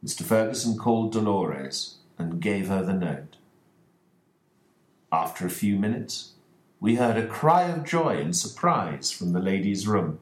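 A male storyteller with a low voice who reads slowly and deliberately. His pitch rises and falls expressively, and the room gives a noticeable echo. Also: big pitch swings. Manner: slow deliberate reading. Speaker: narrator. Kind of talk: storybook audiobook reading. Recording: roomy echoing recording.

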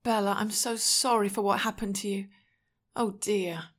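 A woman's voice: mid-range voice, fairly even intonation, moderate pace, close to an everyday voice. An anxious middle-aged mother, coaxing and fussy, her voice rising as she presses her point. a woman voices her in an audiobook reading. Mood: fretting.

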